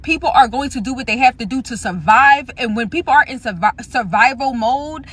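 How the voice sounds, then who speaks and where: A woman's voice: high voice, brisk, fairly bright tone. A woman speaking earnestly and with worry about what is coming. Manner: worried, earnest. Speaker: social media commentator. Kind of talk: earnest commentary.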